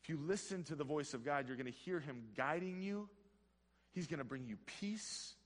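An earnest man gives a devotional talk, telling a personal story. He swings between hushed, quiet moments and excited bursts. His voice sits a little high and rings with long reverb. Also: normal speed. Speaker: speaker at a Christian health ministry.

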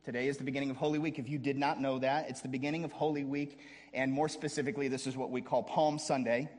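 A man preaching a sermon as a pastor, dramatic, dropping to a hush and then rising to a shout, with casual joking asides. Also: medium pitch, flat delivery, fast talker, in a large hall.

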